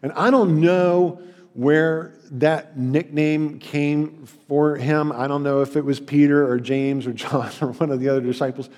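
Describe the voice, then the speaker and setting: A man preaching a sermon in a church, conversational and halting, with restarts and mock voices. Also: fairly high pitch, fairly even intonation, a little mellow. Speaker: pastor. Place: church sanctuary. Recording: long hall reverb.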